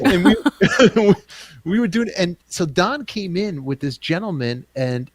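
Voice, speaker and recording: A man's voice: high-pitched, sing-song, a little slow, dry recording, poor audio. A middle-aged man with a New York accent, hosting a casual interview and talking in chatty bursts. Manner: chatty, talks in bursts with restarts. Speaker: podcast host.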